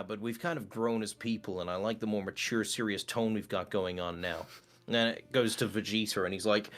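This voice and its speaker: Man, lowish voice, casual interview guest, voice actor, animated storyteller. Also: fairly quick.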